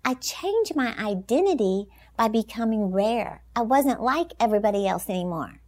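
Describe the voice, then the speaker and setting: Woman, high voice, Christian motivational speaker, inspirational talk, emphatic, animated, laughs often. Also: moderate pace.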